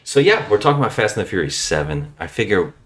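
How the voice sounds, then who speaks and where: A man's voice: on the low side, very animated, a bit bright. A man hosting a podcast in casual, jokey chat with friends. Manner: jokey, quick banter. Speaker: podcast host.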